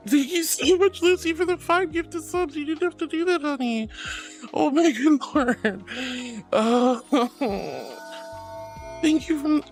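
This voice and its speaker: A woman's voice: high voice, sing-song, slow, faint music behind. A woman live streamer chatting with her viewers, gushing, flustered and laughing often as she thanks them.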